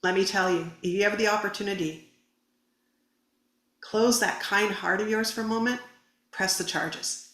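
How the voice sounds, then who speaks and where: A woman in a podcast interview recounts her story earnestly, voicing the people in it as she goes. Her voice sits at a middle pitch. The room around her adds a noticeable echo. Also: normal speed, pauses often, a bit bright. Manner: earnest, vivid retelling with quoted dialogue. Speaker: podcast guest. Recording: roomy echo.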